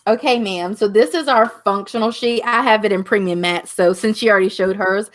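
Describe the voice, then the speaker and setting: A woman who owns a shop, explaining her product as a guest in a relaxed, casual way. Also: mid-range voice, brisk.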